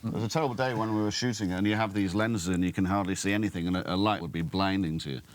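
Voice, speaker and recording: A man telling an amused, animated anecdote in an interview. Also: sits low, very fast. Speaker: actor guest. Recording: faint background noise.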